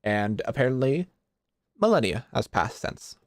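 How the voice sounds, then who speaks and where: A man's voice: mid-range voice, sing-song, measured pace, no echo, studio quality. A man voicing an ancient woman warrior out of her time, recounting plainly with a slight accent. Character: ancient woman warrior waking in a new age.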